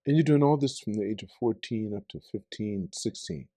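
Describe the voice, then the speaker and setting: A middle-aged man hosts a podcast in a mellow, slightly husky voice. He talks in an animated, conversational way, breaking in with anecdotes and advice. The sound is dry and close. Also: lowish voice, brisk, dry recording. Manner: animated, interjects and tells anecdotes. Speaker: podcast host. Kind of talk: conversational interview.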